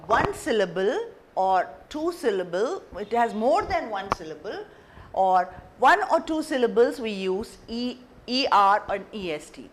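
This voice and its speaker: A woman teacher explains grammar without a script, her pitch moving lively up and down. She talks in a chatty way, restating points and pausing on fillers as she goes. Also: a little hiss or hum. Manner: chatty, repeats and rephrases, many fillers. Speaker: English teacher. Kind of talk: unscripted classroom explanation.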